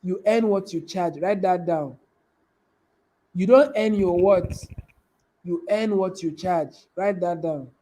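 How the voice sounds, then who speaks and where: Guy coaching on a livestream, high voice, keeps repeating himself for emphasis. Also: slow pace, long pauses, mellow, rough recording. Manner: emphatic, repeats key phrases, asks the audience questions. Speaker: business coach. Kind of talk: live-streamed motivational talk.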